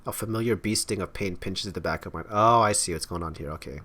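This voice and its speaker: A man's voice: low-pitched, fast talker, background noise. A man streaming a visual novel playthrough, reading its narration aloud with wry asides. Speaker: game streamer. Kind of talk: reading game text aloud with casual commentary.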